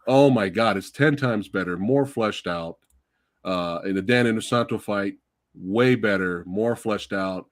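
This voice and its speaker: A man hosting a casual movie review chat, gushing and excitable, swearing freely. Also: lowish voice, unhurried, no room sound, clean studio sound. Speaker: podcast host.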